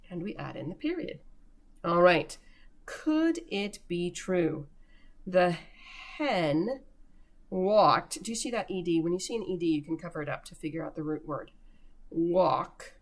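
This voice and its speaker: A woman with a lowish voice teaches young children in a recorded remote lesson. She sounds out each word slowly and patiently for beginning readers. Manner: slow, patient sounding-out of words for early readers.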